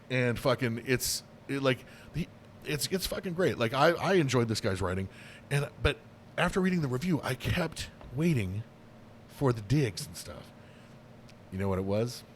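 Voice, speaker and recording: A man's voice: medium pitch, a little hiss or hum. A man co-hosting a podcast in casual chat, rambling and swearing freely, with lots of fillers and restarts. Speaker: podcast co-host.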